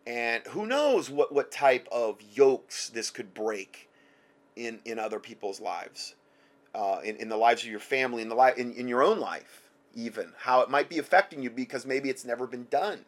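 An excitable man teaches from the Bible in a casual, animated way, reading passages aloud and breaking into laughter. His voice sits at an ordinary middle pitch for a man. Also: normal speed. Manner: excitable, laughs often, reads scripture aloud. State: emotional, choked up at times.

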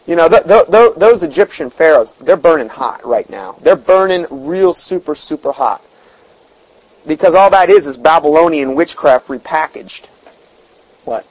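A man's voice: a little high, lively intonation, normal speed, a little mellow, no echo, poor audio. A man preaching an informal sermon in a folksy, emphatic way, often repeating words and reading scripture aloud.

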